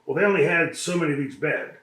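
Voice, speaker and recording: A man in a shoot interview, telling profane road stories in an animated way and acting out what others said. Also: on the high side, fast talker, roomy sound, rough recording. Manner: animated, profane anecdotes with quoted voices and laughter.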